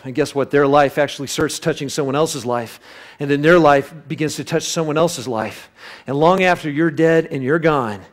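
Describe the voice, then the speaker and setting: In his sermon, a pastor tells a lively story, shifting from sudden loud outbursts to a soft, low voice for reflective moments.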